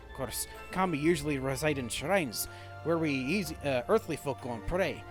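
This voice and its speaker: A man doing a gruff Scottish shipwright. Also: fairly high pitch, moderate pace, over music, lightly acted. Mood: explaining. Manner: loud, blustering. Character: gruff male shipwright, rowdy.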